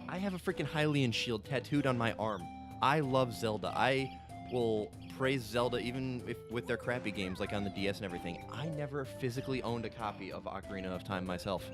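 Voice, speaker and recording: A man in his late twenties, a gaming co-host playing a game while telling excited, rambling stories and swearing freely. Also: medium pitch, brisk. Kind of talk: casual let's-play chat. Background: game music.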